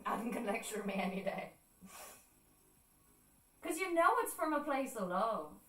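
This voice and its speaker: A woman's voice: a little high, big pitch swings, unhurried, fairly bright tone. Irish woman chatting, roomy and distant. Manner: chatty storytelling, swears freely, laughs often. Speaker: art streamer. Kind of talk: casual chat. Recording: roomy sound, distant mic.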